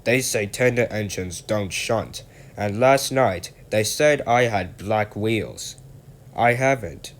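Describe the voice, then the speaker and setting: A man voicing a gentle, humble male steam engine who speaks politely and softly. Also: lowish voice, slow. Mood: sad.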